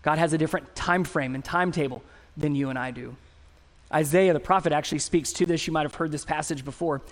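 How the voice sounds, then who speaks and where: High-voiced, animated preaching man. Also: fast talker. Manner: animated storytelling, self-mocking humor. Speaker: pastor. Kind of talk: sermon.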